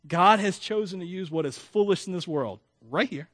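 A man preaching a sermon as pastor, animated, with humorous asides and self-deprecating jokes. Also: sits high, moderate pace, dry recording, studio quality. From Florida.

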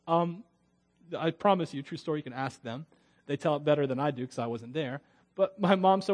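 A man's voice: on the high side, normal speed. A man from Florida preaching as a pastor, in a conversational, digressive way with frequent chuckles. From Florida, USA. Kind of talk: sermon.

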